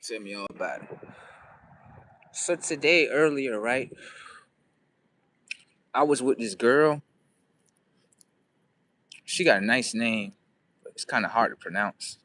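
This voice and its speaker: A man's voice: medium pitch, slow pace, pauses often. A young man from Florida, rambling through a story as he walks, acting out what people told him. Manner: rambling, repeats himself, quotes others in lively voices. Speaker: vlogger. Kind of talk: casual storytelling while walking.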